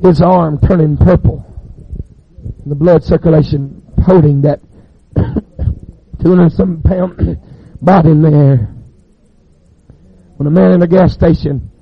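A man, preaching a sermon as a fervent storyteller with dramatic pauses. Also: fairly high pitch, steady tone, creaky, breathy edge, no echo, dull audio.

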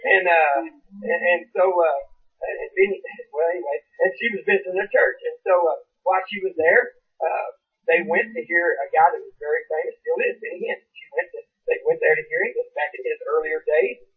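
A man's voice: a little high, a little fast, breathy edge. A man preaching a sermon in a church, telling stories in a folksy, rambling way with many restarts. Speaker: pastor. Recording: far from mic, phone-like band.

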